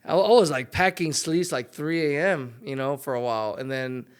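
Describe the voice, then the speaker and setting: A man's voice: fairly high pitch, moderate pace, clean tone. A young man, a former pro golfer, chatting as a podcast guest in a loose storytelling way full of fillers. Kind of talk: casual interview chat.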